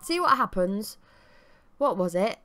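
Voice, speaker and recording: A woman's voice: mid-range voice, very animated, measured pace, fairly bright tone. A woman with a Mancunian accent giving chatty, rambling gameplay commentary with self-deprecating asides. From Manchester, England. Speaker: let's play commentator.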